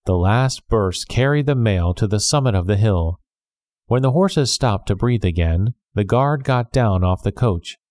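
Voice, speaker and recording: A man reading a classic novel aloud as scripted storybook narration, measured and clear. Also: lowish voice, expressive, darkish tone, dry recording. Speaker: audiobook narrator.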